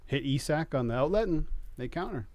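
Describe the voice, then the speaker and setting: A male co-host at a football watch party with a slightly raised voice that leaps up and down in pitch. He laughs easily and rattles off scores in a lively, chatty way. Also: brisk, noisy background. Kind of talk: casual watch-party chat.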